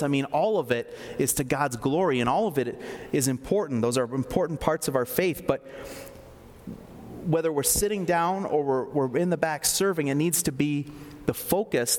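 A man preaching a sermon in a conversational way, with fillers and asides. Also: mid-range voice. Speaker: pastor. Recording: long reverb of a large hall.

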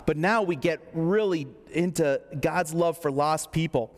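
A male pastor preaching a sermon in a relaxed, conversational way, mixing jokes into the reading, in a church hall. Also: fairly high pitch, a little slow. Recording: long hall reverb.

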